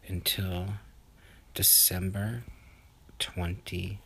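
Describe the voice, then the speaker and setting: A man telling a bedtime story in a soft, often half-whispered voice. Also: low-pitched, level tone, slow pace, creaky, long pauses, a little hiss or hum.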